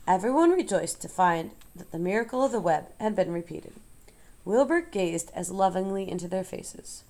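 A woman narrating a storybook aloud in a measured, expressive way. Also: mid-range voice.

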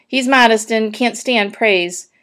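A woman voicing a flustered, excitable male farmer who hollers in an agitated way in a storybook reading. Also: a little high, slow pace.

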